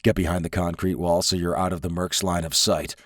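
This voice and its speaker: A man voicing a calm, steely male alien inspector who speaks quietly in clipped, unhurried phrases. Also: low voice, dry recording, studio quality.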